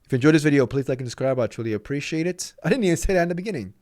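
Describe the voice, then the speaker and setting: A man's voice: on the high side, expressive, racing, a little mellow, no echo, clean studio sound. A man hosting a sports vlog, ranting with exasperation and profanity, emphatic and fed up. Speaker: sports channel host.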